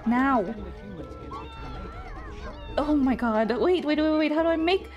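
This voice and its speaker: Excitable woman streamer yelling at a game. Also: sits high, takes it slowly, muffled recording, faint music behind. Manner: excitable, panicky repeated shouts and frequent swearing. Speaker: VTuber streamer. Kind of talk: casual live gameplay commentary.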